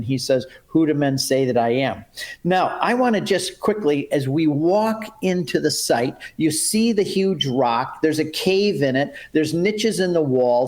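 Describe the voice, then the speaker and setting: A middle-aged man teaching about the Bible in a lively storytelling way, acting out the quotes and turning aside to his listeners. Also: fairly high pitch. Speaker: Bible teacher and pilgrimage guide.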